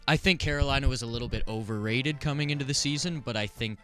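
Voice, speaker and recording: A man giving steady, informed hockey analysis on a casual sports talk show. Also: medium pitch, quick pace, soft background music. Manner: steady informed analysis, some stammered starts. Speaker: hockey panelist.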